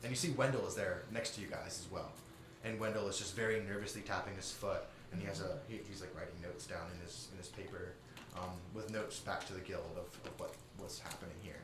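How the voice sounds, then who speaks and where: A man's voice: sits low, fairly even intonation, quick pace. Man narrating as game master. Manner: rambling, many fillers and restarts. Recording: roomy live stream audio, faint noise.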